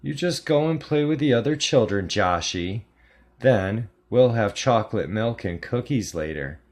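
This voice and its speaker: A man's voice: on the low side, lively intonation, unhurried, darkish tone, pitched above the performer's own voice. A man voicing a sugary, fake-sweet female schoolteacher who coos in a baby voice. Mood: saccharine. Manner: cooing baby voice.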